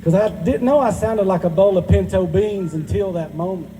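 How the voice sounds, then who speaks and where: A man's voice: sits high, normal speed, mellow, a little hiss or hum. A man in his forties with a Southern Georgia drawl doing a self-deprecating, crude stand-up set at a live benefit, recorded in a reverberant hall. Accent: Southern US, rural Georgia. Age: 40s. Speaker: stand-up comedian. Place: stage at a live benefit event.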